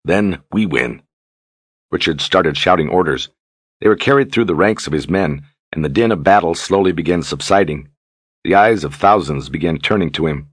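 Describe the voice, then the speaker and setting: A man reads a fantasy novel aloud in a steady, even storytelling manner. His voice sits very low with a husky grain, captured dry and close on a studio mic. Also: brisk, no room sound. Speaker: audiobook narrator. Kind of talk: scripted narration.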